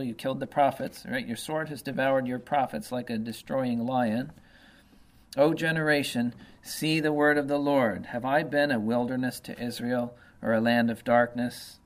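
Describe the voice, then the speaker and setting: Man, mid-pitched voice, casual Bible study teaching, slow verse reading, lots of fillers. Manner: reads verses slowly, then explains casually with many fillers. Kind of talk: informal Bible study talk.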